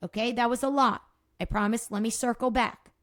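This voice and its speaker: A middle-aged woman hosts her own podcast and explains movement therapy in an energetic, casual monologue. She swears freely and laughs at her own slips. Her voice sits a little high and sounds close and dry. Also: a little fast, dry recording.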